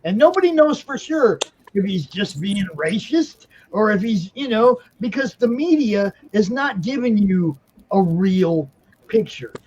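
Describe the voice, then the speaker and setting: A man's voice: sits high, expressive, measured pace, darkish tone, a little hiss or hum. A man in casual chat who makes his points emphatically, like a lecture, and keeps checking with "okay?". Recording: dull lo-fi sound.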